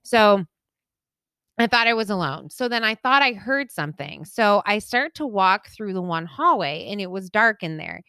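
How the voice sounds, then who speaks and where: A woman's voice: mid-range voice, normal speed, clean tone, dry recording. Woman podcast host, swoops all over the place, dry close sound, giggly storytelling. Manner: animated, laughs through her story; acts out quoted voices loudly. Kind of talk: casual storytelling chat.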